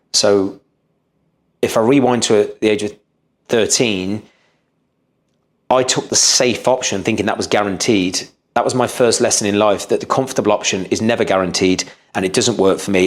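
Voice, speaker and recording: A man's voice: fairly low pitch, fairly even intonation, normal speed. A man, a podcast guest telling his story earnestly, often restarting and repeating words. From England. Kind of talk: storytelling interview.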